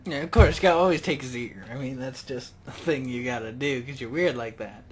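A young man casually commentating a video game, rambling and joking, excited. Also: medium pitch, a little fast, a little hiss or hum. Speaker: gaming video host. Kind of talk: casual let's-play commentary.

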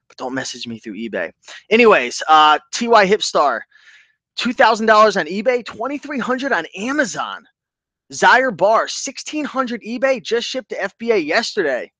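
Upbeat chatty man with a bright voice. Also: fairly high pitch, dry recording. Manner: upbeat, chatty, gives viewers shout-outs. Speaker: online reseller hosting a livestream. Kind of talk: casual livestream chat.

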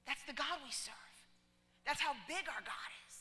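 A woman pastor telling a story in a sermon, animated, often dropping to a hushed whisper. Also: high-pitched, moderate pace, long reverb tail. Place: church hall.

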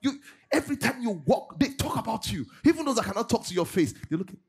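A man's voice: very high-pitched, sing-song, fast talker, creaky, slightly rough. A middle-aged man preaching a sermon as pastor, acting out congregants' voices and laughing often.

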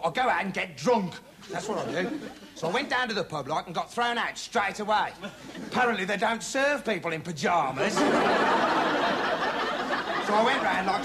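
A rambling, dim TV reporter. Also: male voice, high-pitched. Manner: rambling, deadpan, halting with "like" and "you know". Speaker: bumbling investigative reporter. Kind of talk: comic monologue to camera. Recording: noisy TV studio with audience laughter.

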